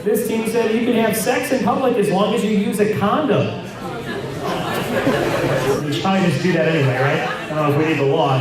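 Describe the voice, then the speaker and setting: A man with a high, bright-sounding voice hosts a live trivia night, reading answers and tossing in wry jokes. He is picked up from a distance in a very echoey room. A crowd is clearly audible behind him. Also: moderate pace. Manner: joking, wry asides. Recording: very echoey room, mic far off, loud crowd.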